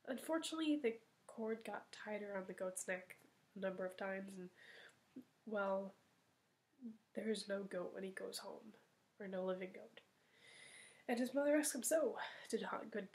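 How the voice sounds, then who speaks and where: A woman's voice: medium pitch, darkish tone. A woman casually retelling a fairy tale, rambling and hesitant, with fillers and sighs. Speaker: storyteller.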